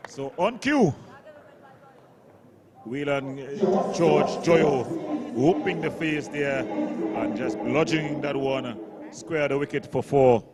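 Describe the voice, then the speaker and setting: A man's voice: mid-range voice, animated, takes it slowly, crowd noise. Chatty male cricket colour commentator. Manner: chatty, analysing the game.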